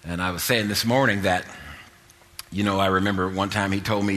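A man's voice: deep voice, fairly even intonation, fairly quick, a bit bright, in a large hall. A man preaching a sermon, telling personal stories and building to emphatic exhortation.

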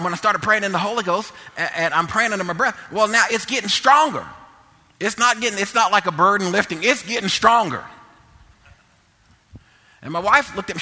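A man preaching a sermon through a personal story, dropping to low murmurs and rising to loud exhortation. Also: big-room sound.

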